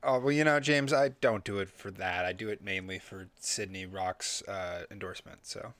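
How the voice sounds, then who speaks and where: A man's voice: sits low, normal speed, fairly bright tone, no echo. A jet-lagged man, working as the show's tech and co-host, dry, self-deprecating and rambling as he chats.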